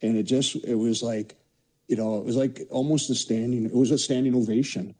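A man's voice: medium pitch, steady tone, a little fast, mellow, rough recording. A man in his sixties from Canada, a podcast guest telling rambling anecdotes laced with "you know". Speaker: podcast guest, former hockey player. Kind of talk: casual storytelling.

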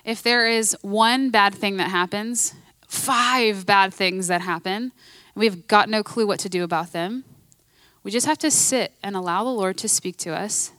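A woman's voice: mid-range voice, a little slow, sharp tone, dry recording. A woman preaching a sermon in a conversational, emphatic way, repeating her key phrases.

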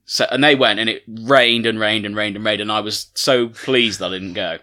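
A man with a fairly low voice and a bright, forceful edge. He co-hosts a podcast in easy casual chat, dropping dry quips along the way. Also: fairly even intonation. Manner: chatty, dry, quick to joke. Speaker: podcast co-host.

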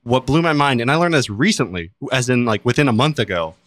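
Guy cohosting a podcast, deadpan dry jokes, mid voice, dead dry sound. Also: medium pitch, fast, no room sound. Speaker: podcast co-host. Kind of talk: casual chat.

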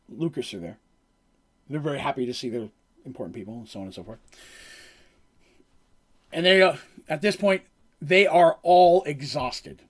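Man, game master, casual recap, rambling, slightly high voice. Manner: casual, rambling storyteller with fillers. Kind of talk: recapping a tabletop game session.

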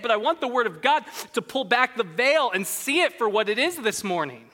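Bright, earnest preacher in a ringing hall. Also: medium pitch. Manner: conversational, earnest, with quick asides and repeated restarts. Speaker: pastor. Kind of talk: sermon.

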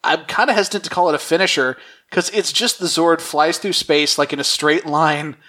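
Male podcast co-host, slightly high voice, wry recapper. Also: fairly quick, bright, forceful tone. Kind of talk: casual chat.

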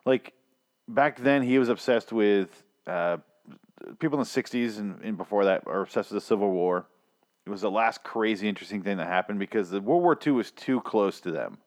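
A man's voice: lowish voice, fairly quick. A man hosting a podcast in casual chat, sarcastic and swearing casually. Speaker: podcast host. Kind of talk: casual chat reviewing a TV episode.

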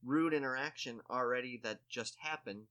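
A man with a bright, forceful voice tells an awkward story in a relaxed chat. He rambles and restarts his sentences, stuffs them with "like", and makes fun of himself as he goes. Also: medium pitch, normal speed. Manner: rambling, full of "like" and restarts, self-mocking. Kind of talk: casual chat, telling a story.

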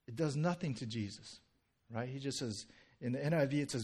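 A man's voice: a little high, expressive, normal speed. A male pastor giving a sermon in a loose, conversational way, full of fillers and restarts, and now and then acting out quotes with a sudden burst of energy.

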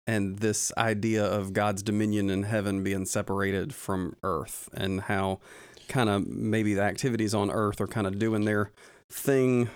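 A man sharing reflections in a relaxed, casual podcast chat about faith. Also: fairly low pitch, unhurried, few pauses, clean tone, dry recording, studio quality.

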